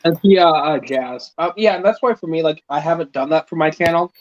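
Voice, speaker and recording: A man's voice: on the high side, fairly quick. A young man chatting casually on a live stream, rambling and poking fun at himself as he tells stories. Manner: rambling, self-mocking, animated storytelling. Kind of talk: casual chat. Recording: muffled lo-fi call audio.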